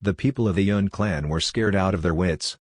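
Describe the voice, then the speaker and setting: A man with a deep, low voice reads a fantasy novel aloud at an even pace. The sound is close and dry, with no room around it. He keeps the narration measured and steady. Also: dry recording. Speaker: audiobook narrator. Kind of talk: scripted narration.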